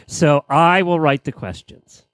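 A woman co-hosting a casual talk show, bantering and laughing with her co-hosts. Her pitch jumps around a lot as she talks. The sound is dry and close. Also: unhurried, no room sound. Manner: animated, laughs often. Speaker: co-host. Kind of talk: casual chat.

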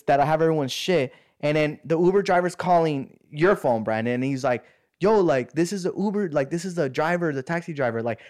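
This man's voice sits on the high side and sounds a little mellow. In a casual chat with friends, he tells a long, slangy, wandering story, acting out the other people's lines.

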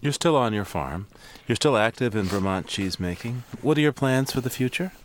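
A man interviewing guests on a radio program, asking questions in a calm, measured way. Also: mid-range voice, a little hiss or hum.

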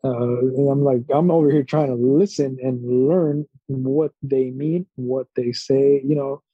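A man's voice: mid-range voice, fairly even intonation, a little slow, breathy edge, no echo. A man co-hosting a casual sports podcast, easygoing and rambling as he talks. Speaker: podcast co-host. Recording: dull lo-fi mic.

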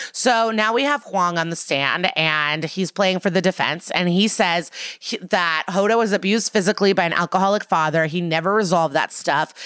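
Woman podcast co-host, lowish voice, dry close mic, chatty recapper who acts out quotes. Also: dry recording. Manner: animated storytelling, acts out quotes, swears casually. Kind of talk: casual recap chat.

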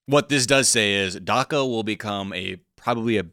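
A man in his thirties co-hosting a casual news podcast, animated and quick to joke and laugh. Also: fairly low pitch, no room sound, clean studio sound. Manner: animated, laughs often, jokey asides. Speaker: podcast co-host.

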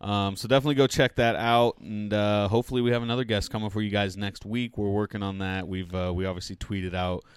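Man, podcast host, casual sports chat, joking, slightly low voice. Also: fairly even intonation, fast, few pauses, clear, resonant tone. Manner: upbeat, joking, leads the segments.

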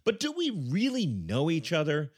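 A man's voice: on the high side, wildly swooping pitch, moderate pace, breathy edge. A man co-hosting a comedy podcast, wry and bemused. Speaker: podcast co-host.

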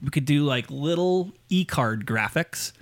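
A man's voice: a little high, animated, a little slow. A man co-hosting a podcast, trading crude jokes in casual chat. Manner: joking, crude banter. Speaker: podcast co-host.

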